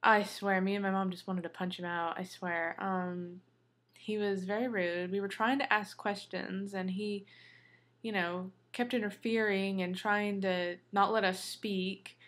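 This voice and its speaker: Woman vlogging, middle pitch, venting to her viewers with lots of ums and you knows. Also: steady tone, measured pace, fairly bright tone. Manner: chatty, venting, many fillers. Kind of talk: casual chat to viewers.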